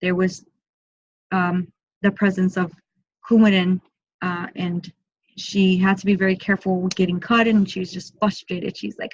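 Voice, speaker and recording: A woman working as a medium, giving an online group reading in a soft, slow, repetitive way and often speaking in first person for the spirit. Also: fairly low pitch, flat delivery, dull audio.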